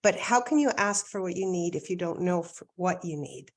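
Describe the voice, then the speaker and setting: A woman from Canada, a life coach, talking in an energetic, emphatic way and repeating key phrases for effect. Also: on the low side, moderate pace. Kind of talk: casual conversation.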